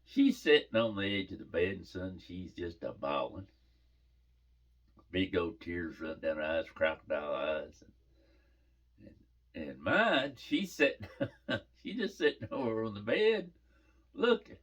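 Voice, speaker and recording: A man's voice: deep voice, unhurried, long pauses, husky. A middle-aged man telling a family story in a folksy way, often laughing as he talks. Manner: folksy, laughs through the telling, animated quoting.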